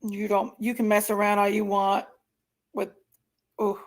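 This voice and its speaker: Her medium-pitched voice is flat and measured as she streams live, reacting to videos and addressing her chat. She comes across as indignant and exasperated and apologizes to her viewers again and again.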